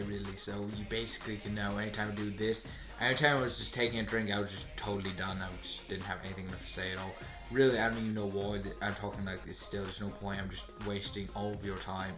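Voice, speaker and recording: A man talking in a put-on British accent, quiet and rambling in a self-mocking way. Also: on the low side, lightly acted.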